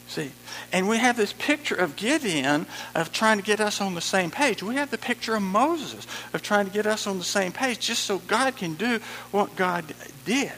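A man's voice: high-pitched, lively intonation, normal speed, pushed and bright, in a large hall, a little hiss or hum, low-quality recording. A man preaching a sermon, emphatic and repeating his key phrases.

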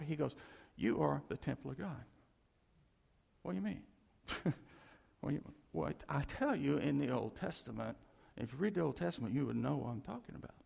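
A man preaches with a husky, gravelly voice that sits a little high for a man. He talks in an animated way, chuckles often and calls out to the congregation. His voice rings through a large hall with a long reverb. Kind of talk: sermon.

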